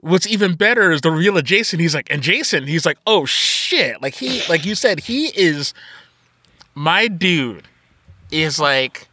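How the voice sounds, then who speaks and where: A man's voice: fairly high pitch, expressive, normal speed, sharp tone, no echo, studio quality. A man co-hosting a podcast, chatting casually about a movie, swearing and laughing as he acts out lines. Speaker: podcast co-host. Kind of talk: casual chat, movie review.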